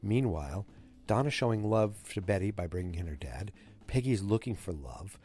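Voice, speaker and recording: Man, low pitch, mellow tone, casual recap, rambling, self-correcting. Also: animated, moderate pace, breathy edge. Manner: rambling, loose, full of fillers and self-corrections. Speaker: show recap host.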